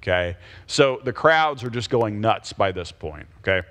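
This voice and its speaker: A man's voice: on the low side, lively intonation, measured pace, a bit bright. A man leading a Bible study, explaining scripture in a casual teaching style and often checking in with his listeners. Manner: explains patiently, checks in with frequent "okay?" and "right?".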